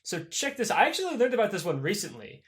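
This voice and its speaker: Animated young man telling a profane story. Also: high-pitched. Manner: animated, profane, acts out characters in quick voices. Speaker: podcast co-host. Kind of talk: casual storytelling chat.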